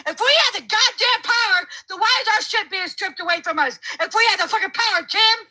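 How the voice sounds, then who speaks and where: An angry woman shouting and swearing in a heated debate, near tears at times. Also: very high-pitched, a little fast.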